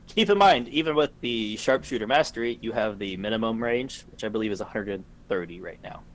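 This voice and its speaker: A man narrating a tabletop game as game master, calmly describing the action and explaining the rules over voice chat. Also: fairly low pitch, brisk, a little hiss or hum.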